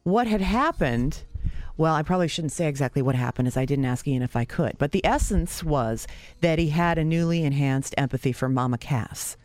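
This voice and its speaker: A woman telling a personal story in a wry, sarcastic, self-mocking way, with sudden leaps in pitch for emphasis. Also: expressive, normal speed, a little mellow, no room sound.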